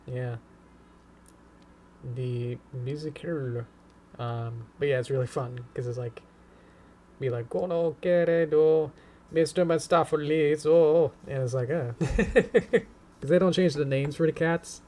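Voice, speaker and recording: A man streaming as he animates, chatting casually with viewers in a rambling, hesitant way, humming softly between comments. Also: medium pitch, measured pace, long pauses. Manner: rambling, hesitant, many fillers and soft humming. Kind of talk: casual live-stream chat.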